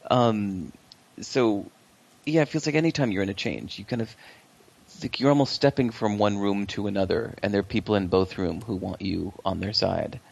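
A man speaking as an interview guest, relaxed and reflective, often pausing to think mid-sentence. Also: on the low side, creaky. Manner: relaxed, reflective, many fillers and restarts. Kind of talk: conversational interview.

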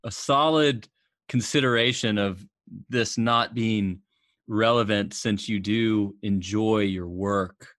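A man hosting an interview, asking thoughtful questions in a halting way with repeated words. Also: lowish voice, fairly bright tone, dry recording, studio quality. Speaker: host.

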